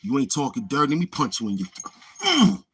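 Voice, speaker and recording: A man's voice: medium pitch, expressive, fast talker, fairly bright tone, slightly rough. A man, hosting a livestream and taunting a heckler in a boastful rant. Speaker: livestream host. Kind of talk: trash-talking livestream rant.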